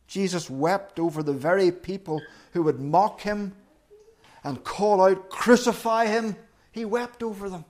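A man preaching a sermon in an earnest, deliberate way, repeating key phrases for emphasis. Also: high voice, darkish tone. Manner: earnest, emphatic repetition with slow deliberate pauses.

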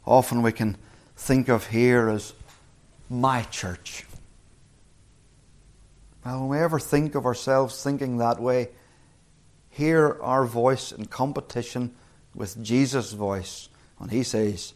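A man preaching a sermon, earnest, slowing down and rising in pitch when quoting scripture. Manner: earnest, slows and rises on scripture quotes.

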